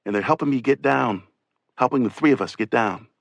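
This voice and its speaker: A gravelly, medium-pitched male voice speaks fairly quickly, telling a rescuer's story in first person for an oral history audiobook with a conversational delivery. The recording is dry and lo-fi.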